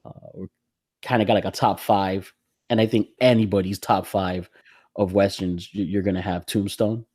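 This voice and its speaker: A man hosting a casual podcast chat, relaxed and rambling, laughing often. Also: low voice, moderate pace, no echo, clean studio sound. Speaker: podcast host.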